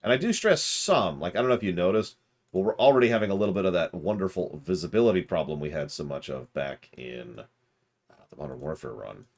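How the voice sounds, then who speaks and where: Deep-voiced jokey game streamer man. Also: animated, fast, creaky. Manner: rambling, jokey, self-mocking. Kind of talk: let's-play commentary.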